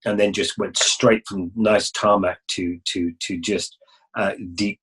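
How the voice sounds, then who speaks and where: Middle-aged male guest, low husky voice, rambling anecdotal delivery with lots of restarts. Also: steady tone, measured pace, fairly bright tone, poor audio. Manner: rambling, many restarts and acted-out dialogue. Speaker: interview guest, motorcycle adventurer. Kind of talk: casual interview storytelling.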